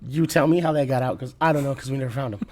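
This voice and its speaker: A man's voice: medium pitch, fast talker, darkish tone, a little hiss or hum. A middle-aged man telling a long rambling story as a podcast guest, laughing and restarting often. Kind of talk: casual storytelling.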